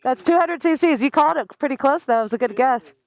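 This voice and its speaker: A woman's voice: high voice, lively intonation, fast talker, darkish tone, dry recording, rough recording. A woman vlogging from her scooter, chatting in a rambling way and laughing often. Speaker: motovlogger. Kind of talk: casual chat while riding. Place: on a scooter on the road outdoors. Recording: road and wind noise. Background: traffic and engine noise.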